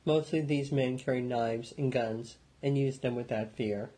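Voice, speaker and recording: A man narrating an audiobook in a steady, measured storytelling manner. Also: mid-range voice, breathy edge, poor audio.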